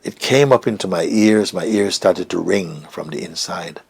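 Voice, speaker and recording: A middle-aged man speaks as an interview guest, recounting a story in a reflective, hesitant way. His voice sits low with a gravelly fry and a very husky, breathy texture. At times he sinks almost to a whisper. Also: moderate pace, darkish tone, no echo. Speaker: interview guest, spiritual teacher.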